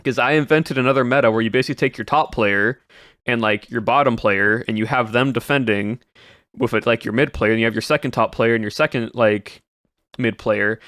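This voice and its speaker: A male streamer casually recaps the year for his chat, rambling, repeating words, and trailing off mid-sentence. His mid-range voice is fairly bright and clean, in a clean studio recording with no echo.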